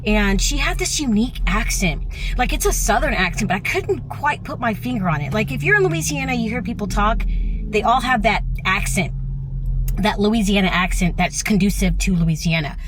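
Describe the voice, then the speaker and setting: A woman's voice: mid-range voice, expressive, normal speed, over music. A woman chatting enthusiastically in a travel vlog, recorded on a handheld phone in a parked car. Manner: enthusiastic, gushing. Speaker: travel vlogger. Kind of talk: casual vlog chat. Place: parked car in a parking lot.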